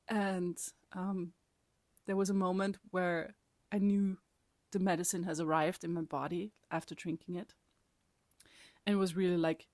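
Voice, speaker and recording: Chatty woman with a low, dry voice. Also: measured pace, no echo. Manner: rambling, animated, laughs often, drops to whispers. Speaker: vlogger. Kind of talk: casual personal storytelling.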